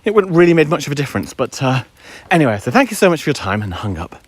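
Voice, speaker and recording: A man's voice: mid-range voice, big pitch swings, quick pace. A middle-aged man from England, chatting and telling stories as he walks his dog outdoors, wry and mimicking voices. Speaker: vlogger. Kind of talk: casual chatty live-stream ranting.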